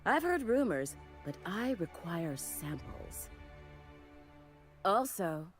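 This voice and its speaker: A woman's voice: fairly low pitch, sing-song, takes it slowly, soft background music. A woman voicing a flamboyant fashion designer in a video game, theatrical and doting, full of endearments. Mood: grandiose. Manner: grandiose, theatrical, showering people with endearments. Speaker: game character.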